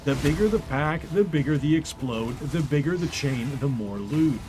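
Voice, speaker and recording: A man voicing a soothing, deep-voiced male game guide narrator, talking in a smooth, warm, deliberate way. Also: animated, noisy background, lightly acted.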